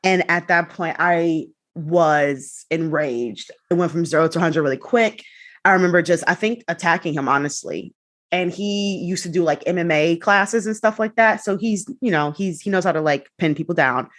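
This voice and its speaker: A young adult woman telling a personal story in a casual, animated way, acting out the quotes. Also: on the low side, moderate pace. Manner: animated, acts out quotes with laughs and swearing. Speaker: guest.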